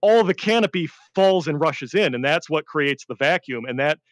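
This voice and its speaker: Man, veteran storyteller, rambling, laughs a lot, slightly high voice, dry close sound. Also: moderate pace, no room sound. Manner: rambling, laughs often, shifts between deadpan and excited. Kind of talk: casual storytelling chat.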